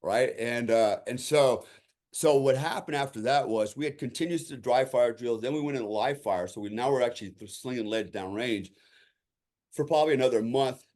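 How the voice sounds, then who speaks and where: A man's voice: mid-range voice, normal speed, darkish tone. A man speaking as a podcast guest and telling a story from his military days in a conversational way, acting out the lines of people in it and often tossing in "you know" and "right?". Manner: vivid storyteller who acts out quoted lines.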